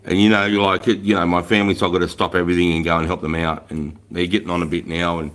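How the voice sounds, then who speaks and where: A man's voice: low-pitched, flat delivery, very fast, fairly bright tone. A middle-aged Australian man hosting a casual livestream, talking bluntly with plenty of swearing and slang. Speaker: livestream host.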